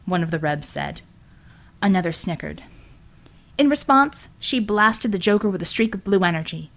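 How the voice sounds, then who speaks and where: A woman reading an action story aloud as an audiobook narrator, with even, measured storytelling. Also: on the low side, vocal fry. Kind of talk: scripted narration.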